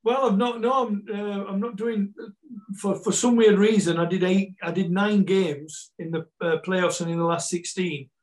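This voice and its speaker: A man's voice: high-pitched, fairly even intonation, moderate pace, poor audio. Man with a Yorkshire Scottish accent. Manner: rambling with many repeats and restarts. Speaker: football coach and pundit guest. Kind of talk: casual chat, storytelling.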